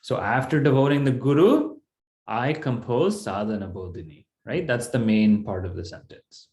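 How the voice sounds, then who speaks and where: A man's voice: medium pitch, animated, moderate pace, darkish tone, echoey room. A man teaching a Sanskrit text in an online class, explaining step by step in a patient way.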